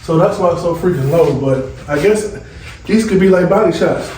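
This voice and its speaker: A father who runs a family vlog chats loosely to camera from a small, dusty home basement, rambling and addressing viewers directly. His male voice is high and moderately paced, with echo and loud background noise in the recording.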